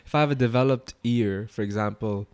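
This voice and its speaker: A man's voice: on the low side, brisk, clear, resonant tone. A man co-hosting a podcast, chatting playfully with joking asides. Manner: playful, animated, jokey interjections. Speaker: podcast co-host. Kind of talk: casual chat.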